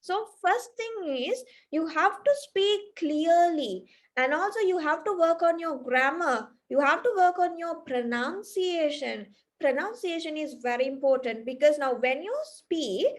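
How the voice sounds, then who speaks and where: A woman from Sri Lanka with a Sri Lankan accent, a native Sinhala speaker, teaching an online spoken English class and explaining step by step, often checking in with "right?". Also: very high voice. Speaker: English tutor.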